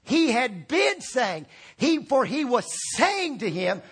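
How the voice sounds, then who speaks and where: A male pastor with a high voice and a husky edge to it. He preaches with big swings between loud shouted peaks and quiet low drops, and keeps calling on the congregation to respond. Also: very animated, measured pace. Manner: rallies the congregation with call-and-response prompts. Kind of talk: sermon.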